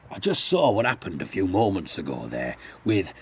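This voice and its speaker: Man putting on a wheezy old gent, very husky, quiet and low, lively swoops in a stiffly courteous tone. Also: normal speed, full character voice. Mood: gushing. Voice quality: wheezy, breathy. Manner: stiffly courteous, addresses everyone as madam. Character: wheezing polite old man, formal and gushing.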